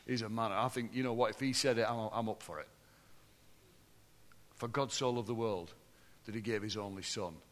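A man preaching a sermon to a congregation, swinging between loud, lively passages and low, hushed ones. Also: normal speed. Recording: long hall reverb.

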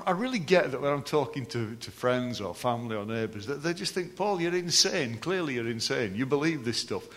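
A man preaching a sermon, animated and joking with the congregation between readings. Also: mid-range voice. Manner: animated, jokey asides with the congregation. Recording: long hall reverb.

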